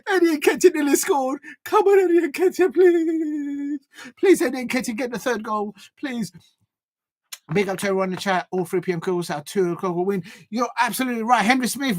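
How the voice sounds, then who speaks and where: A man doing a live football watch-along stream, chatty and prone to loud shouts. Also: sits high, dry recording, clean studio sound. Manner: excitable, bursts into loud shouts at goals; chatty, gives shout-outs to chat.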